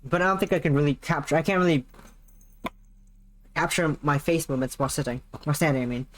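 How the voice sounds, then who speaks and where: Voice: mid-range voice, quick pace, slight background noise. Rambling, sweary streamer at a laptop. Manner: rambling, sweary, self-mocking. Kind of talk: casual livestream chat while playing. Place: home, seated at a laptop.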